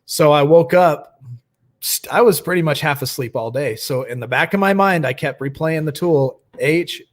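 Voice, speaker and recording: A man's voice: a little high, normal speed. A young man hosting a nightly recovery livestream, chatting casually and greeting viewers by name.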